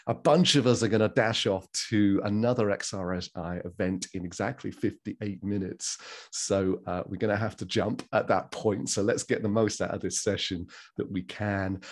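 Male host, from England, low-ish voice, friendly chatter on a video call. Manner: friendly, laughs often, chatty. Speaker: host of online forum. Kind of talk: casual video call chat.

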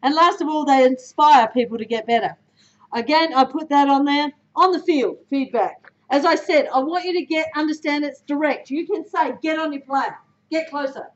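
An Australian woman, a guest speaker, gives a motivational talk to a sports team in a club room, direct and emphatic, often quizzing her listeners. Her voice sits high at a normal speed, and the recording is echoey and dull.

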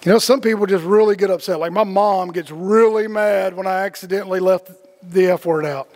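A man's voice: high voice, fairly quick, darkish tone. A man leading a casual spiritual group talk, rambling with lots of fillers and the odd swear word. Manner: rambling, heavy on fillers and cussing.

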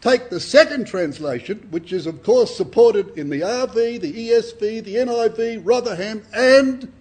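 A man's voice: sits high, moderate pace, darkish tone, breathy edge. An older man, giving an earnest, emphatic Bible sermon to a congregation and often repeating his words. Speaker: Bible speaker.

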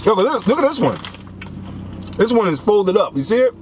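A young man reviewing snacks in a casual vlog, talking in an animated, joking way full of slang. His voice sits a bit high and swings widely in pitch. A faint background noise runs underneath. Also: brisk. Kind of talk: casual taste-test vlog.

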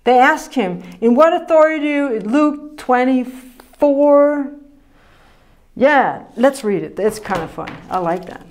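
A woman preaching a sermon in a lively, conversational way, acting out quotes and laughing often. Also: sits high, a little slow.

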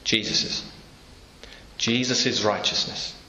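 A man's voice: lowish voice, steady tone, takes it slowly, bright, forceful tone, slight background noise. A man preaching a sermon in a church, telling the story through imagined dialogue. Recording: echoey church room, faint ambience.

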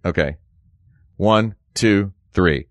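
A man co-hosting a comedy podcast, giving his picks in a halting way. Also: low voice, no room sound, studio quality. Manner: hesitant, halting, with restarts. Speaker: podcast co-host. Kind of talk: casual podcast chat.

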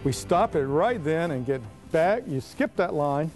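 Assured man explaining, slightly high voice. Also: animated, unhurried, a little mellow, soft background music. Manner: assured, plain-spoken. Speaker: reading intervention expert. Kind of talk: interview explanation.

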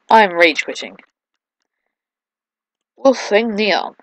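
A young man giving excitable let's-play gameplay commentary at his home computer, yelping and shouting at the game. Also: high-pitched, moderate pace, long pauses, dry recording, rough recording.

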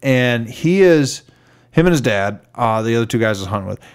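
A man's voice: medium pitch, brisk, clean tone. A man, a podcast co-host, telling a long story in a casual, rambling way and acting out the voices of the people in it. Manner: rambling, animated, acts out quoted voices.

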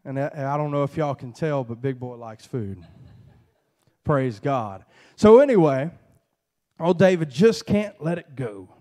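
A man preaching a sermon in an animated, storytelling way, acting out dialogue from the story. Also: medium pitch, measured pace.

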